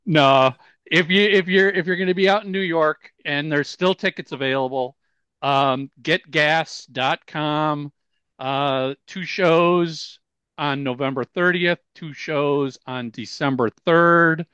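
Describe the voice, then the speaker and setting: A man's voice: a little high, takes it slowly, a bit bright, clear, resonant tone, no room sound, dull audio. A man hosting a podcast in a casual, upbeat chat, often stumbling over his words. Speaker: podcast host.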